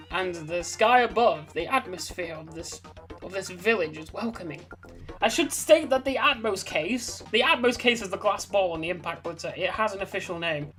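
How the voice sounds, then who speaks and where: A woman reads aloud a story she wrote herself, in a casual and chatty way, and keeps breaking off into side comments. Her pitch is lively and moves up and down a lot. Faint music plays behind her. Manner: rambling, chatty, self-interrupting. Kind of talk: casual reading of her own story with asides.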